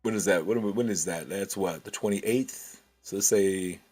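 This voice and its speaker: A man's voice: low voice, a little slow, darkish tone, slightly rough, soft background music. A man hosting a casual livestream, thinking aloud and answering chat with many restarts.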